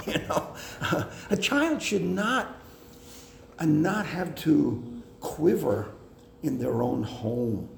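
A man preaching a sermon on family life, slow and deliberate, with hesitant fillers. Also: fairly high pitch, expressive, creaky. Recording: echoey hall with faint noise.

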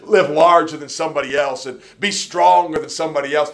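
A man preaching a sermon, telling stories with folksy, joking asides and swinging between quiet remarks and loud emphasis. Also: fairly high pitch, steady tone, brisk, vocal fry, few pauses.

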